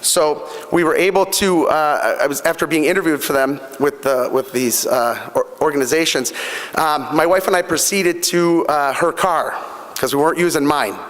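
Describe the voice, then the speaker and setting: Long hall reverb surrounds a middle-aged guest speaker at a fundraising breakfast, whose voice is on the high side and fairly bright. At a normal pace, he tells personal stories earnestly in a motivational speech, full of fillers and repetitions.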